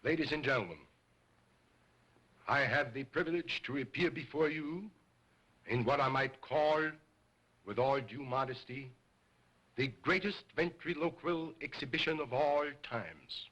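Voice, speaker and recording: A grandiose, self-important ventriloquist who speaks in stiff, formal phrases and keeps scolding his partner. His voice is forceful and husky, delivered in early sound film style. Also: mid-range voice, unhurried, pauses often, low-quality recording. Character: pompous egocentric male stage ventriloquist. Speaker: stage ventriloquist.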